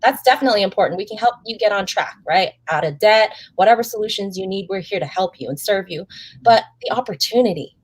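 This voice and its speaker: A woman's voice: medium pitch, lively intonation, quick pace, slightly rough, no echo. A woman hosting a chat, gushing and effusive as she keeps turning to her audience. Her voice sits in a middle register and sounds dry and close, with almost no room around it. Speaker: host. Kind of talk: enthusiastic interview chat.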